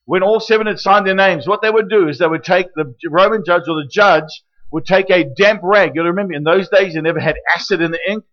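A man preaching a sermon in a lively teaching manner, often checking in with questions like "right?" and "okay?". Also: high-pitched, brisk. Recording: dull lo-fi recording.

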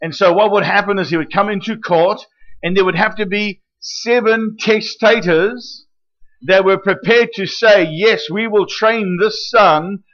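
Casting: male preacher, high voice, animated teaching delivery that keeps checking in with the room, dull lo-fi recording. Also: normal speed. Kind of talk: sermon.

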